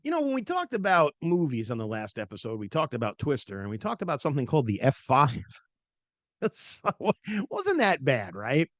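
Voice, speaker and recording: A man's voice: medium pitch, moderate pace, no echo. A middle-aged man hosting a podcast, telling a personal story in a chatty, casual way with lots of fillers. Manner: animated, chatty, many fillers, acts out quoted voices. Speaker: podcast host.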